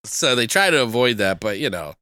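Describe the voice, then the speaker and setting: Bright-voiced laid-back man chatting. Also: mid-range voice, very animated, a little fast, no room sound, clean studio sound. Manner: laid-back, swears freely, jokes and riffs. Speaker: podcast co-host reviewing movies. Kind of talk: casual chat.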